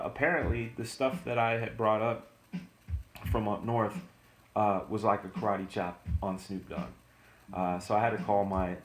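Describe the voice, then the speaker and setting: A middle-aged man, a comic artist, telling stories in a relaxed, chatty way on a live stream. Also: on the low side. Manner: relaxed, chatty, lots of fillers and laughs. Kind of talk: casual storytelling on a live stream. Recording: roomy room, faint music.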